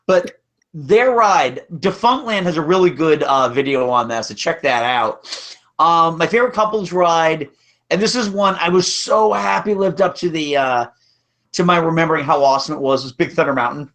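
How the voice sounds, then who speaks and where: A man's voice: fairly high pitch, normal speed, fairly bright tone. A man hosting a casual podcast chat, talking in a rambling way with frequent restarts. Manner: chatty, rambling, restarts often. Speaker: podcast host. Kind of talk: casual chat about theme park rides.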